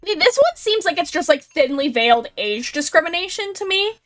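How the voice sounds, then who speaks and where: A woman's voice: very high-pitched, very animated, brisk, fairly bright tone, soft background music. A young adult woman streamer giving casual, chatty commentary with lots of fillers and blunt, wry remarks.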